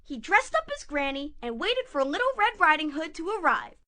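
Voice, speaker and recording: A woman narrating a puppet show fairy tale in a playful, expressive way. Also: high-pitched, moderate pace.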